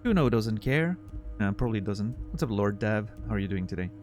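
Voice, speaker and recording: A man's voice: fairly low pitch, expressive, brisk, darkish tone, faint music behind. A man streaming live, chatting casually with his viewers and thanking them, on a studio condenser microphone.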